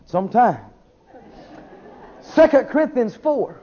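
A man preaching a sermon, swinging between shouted declarations and quiet asides. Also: very high voice, very animated, takes it slowly. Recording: dull lo-fi sermon recording.

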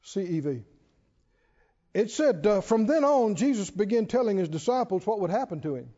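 A man preaching a sermon, emphatic and animated, stretching key words slowly and chuckling between points. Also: high voice. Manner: animated, emphatic, with slow drawn-out stresses and chuckles. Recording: dull sound with long hall reverb.

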